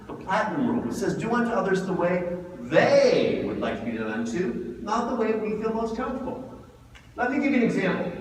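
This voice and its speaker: A man giving a lively seminar talk, asking the audience questions, recorded from far off in a hall. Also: fairly high pitch, a little hiss or hum. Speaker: speaker.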